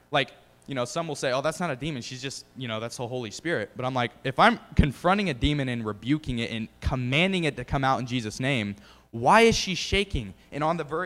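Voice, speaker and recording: A man's voice: mid-range voice, fairly bright tone. Guy preaching casual, lots of um and like, restarts a bunch, echoey room with long tail. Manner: rambling, many fillers and restarts. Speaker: lay preacher.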